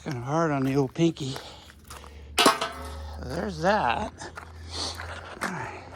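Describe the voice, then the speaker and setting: A man's voice: on the high side, lively intonation, slow pace, very noisy. A man, a rancher, talking casually and rambling as he works outdoors in his garden, with folksy exclamations. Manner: folksy, rambling, drifts off topic. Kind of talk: casual vlog narration while working.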